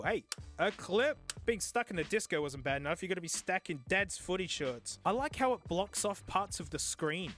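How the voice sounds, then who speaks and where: A man hosts a casual product-review vlog, excitable and full of sarcastic jokes. His voice is high and bright, and faint music plays under his talk. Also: normal speed. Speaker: host.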